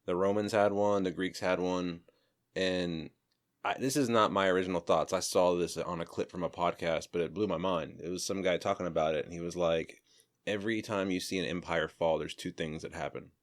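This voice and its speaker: Man, low pitch, podcast co-host, casual chat, relaxed storyteller. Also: fairly quick. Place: home studio. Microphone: studio mic.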